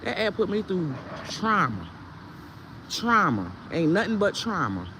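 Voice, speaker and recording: A woman's voice: fairly low pitch, sing-song, unhurried, noisy background. A woman who sells herbal products, ranting on her vlog in a heated, blunt, profane way. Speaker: herbal products seller and content creator.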